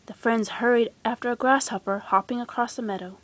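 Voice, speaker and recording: A woman gently and expressively reading a children's storybook aloud. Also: fairly high pitch, brisk, hardly any pauses, dry recording. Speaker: storybook reader.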